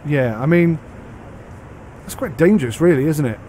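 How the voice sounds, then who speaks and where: Playing a train game, this UK-born reviewer rambles casually and voices his thoughts as they come. He's a man with a fairly high, dark-toned voice, lively in intonation and normal in speed, with a little noise in the background.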